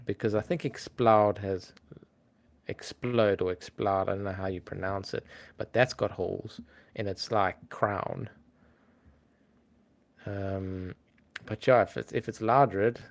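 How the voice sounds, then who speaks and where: A man with a fairly low voice chats casually with his livestream audience. He sounds relaxed and easygoing, often pausing on an um while he thinks. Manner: relaxed, chatty, frequent ums. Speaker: livestream host.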